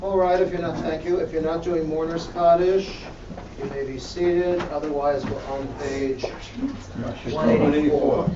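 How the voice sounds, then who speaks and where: A man's voice: on the high side, steady tone, measured pace. A man leading a synagogue prayer service, reciting prayers and making chatty, joking asides to the congregation. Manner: chatty and jokey between prayers. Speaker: service leader. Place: synagogue sanctuary. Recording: echoey, dull room sound from far off. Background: congregation noise.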